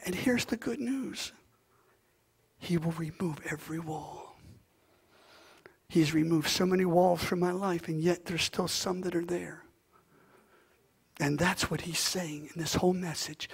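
A male pastor preaching a sermon, swinging from hushed, near-whispered passages to loud, impassioned declarations. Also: high-pitched, a little slow, vocal fry, pauses often, slightly rough.

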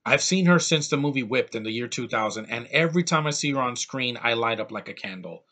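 Excitable man gushing in a rambling review. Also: medium pitch, fairly quick, few pauses. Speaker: movie reviewer. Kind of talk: casual movie review vlog.

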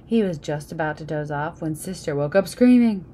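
A woman's voice: low voice, animated, normal speed, dark tone, a little hiss or hum. Woman reading a picture book aloud. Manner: casual asides explaining the pictures. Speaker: storybook reader.

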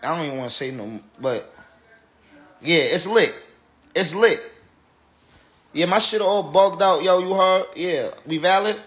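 A man's voice: high voice, lively intonation, unhurried, pauses often, fairly bright tone. A tipsy man, a battle rapper, ranting on a livestream in an emphatic, repetitive, slangy way. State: tipsy from drinking. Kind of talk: casual livestream rant.

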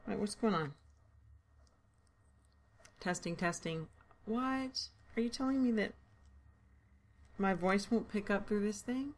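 A woman playing a shooter solo, talking to herself through a headset, swearing freely and yelling at enemies, tired and loopy. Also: lowish voice, vocal fry. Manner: swears often and shouts at enemies, with loud excited outbursts. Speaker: gamer streaming her own play. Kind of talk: casual gameplay commentary.

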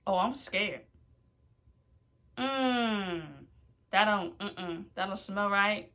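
A woman YouTuber hosting a casual food challenge vlog, talking nervously and exclaiming loudly. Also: medium pitch, extremely slow.

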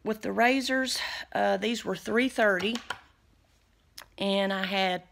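A woman's voice: mid-range voice, takes it slowly, gravelly, fairly bright tone, a little hiss or hum. A woman talking casually to camera as a vlogger, in a homey, chatty and devout way, recorded on a handheld phone camera. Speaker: vlogger sharing store deals.

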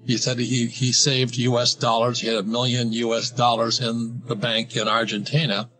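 Older male interview guest, bright tone, rambling storyteller with restarts, soft music under. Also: medium pitch, flat delivery, moderate pace. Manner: rambling, restarts and laughs while telling anecdotes. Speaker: guest, financial author. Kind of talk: casual interview talk.

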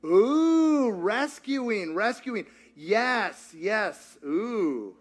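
A man's voice: sits high, very animated, extremely slow. A man leading a church teaching session, playful and jokey, asking the audience questions and repeating their answers. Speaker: pastor leading a group discussion. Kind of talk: interactive teaching talk with audience.

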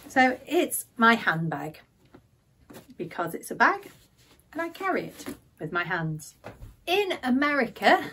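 A middle-aged woman with an English accent, explaining vocabulary to camera as a teacher, speaking slowly and lifting her voice on key words. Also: medium pitch, distant mic. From England. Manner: slow, careful explanations with lively rises on key words.

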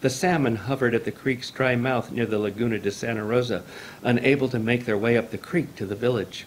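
A man reading a traditional folk tale aloud in a measured, formal storytelling manner. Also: medium pitch, fairly even intonation, slight background noise.

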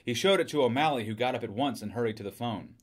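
A man's voice: medium pitch, quick pace. Man reading a short story aloud. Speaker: reader.

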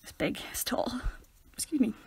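A woman's voice: moderate pace, a little mellow, no room sound, whispered. A young woman co-hosting a casual podcast, telling a childhood story and laughing through it. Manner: giggly storyteller, laughs through her anecdotes. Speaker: podcast co-host. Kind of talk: casual chat.

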